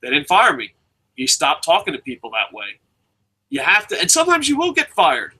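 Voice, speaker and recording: A man's voice: fairly high pitch, huge pitch swings, normal speed, bright, forceful tone, breathy edge. Blunt, profane man ranting. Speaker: wrestling news show co-host.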